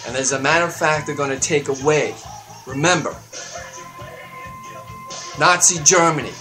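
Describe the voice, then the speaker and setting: A man hosting his own show, delivering a heated political rant that swings up into loud, high outbursts. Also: normal speed, over music. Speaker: show host. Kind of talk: ranting political monologue.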